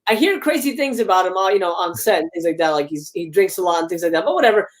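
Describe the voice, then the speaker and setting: A woman's voice: lowish voice, animated, fast talker. A woman guest in a casual livestream film chat, blunt and enthusiastic, swearing freely. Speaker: guest co-host.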